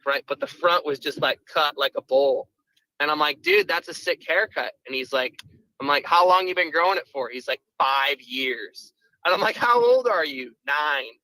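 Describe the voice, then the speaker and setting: A man's voice: mid-range voice, pushed and bright, no room sound, low-quality recording. A man in his twenties calling in to a podcast, rambling and filling his talk with "like" and "right". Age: 20s. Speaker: caller. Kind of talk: casual call-in chat.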